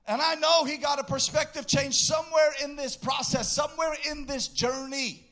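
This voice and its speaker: A man preaching a sermon in an impassioned way, bursting into shouts and sing-song phrases. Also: very high voice, steady tone, moderate pace.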